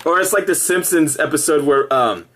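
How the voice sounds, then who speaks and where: A middle-aged man ranting casually to camera about his past, animated and sarcastic, with laughing asides. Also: on the high side, moderate pace, breathy edge. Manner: animated, laughing asides, mock-cheerful impressions. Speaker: ex-member giving opinions.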